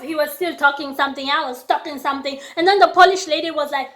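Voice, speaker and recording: A woman vlogger casually telling a story, animated and acting out the dialogue herself. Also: high-pitched, fast, few pauses. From lives in Austria. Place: indoors near a street parade.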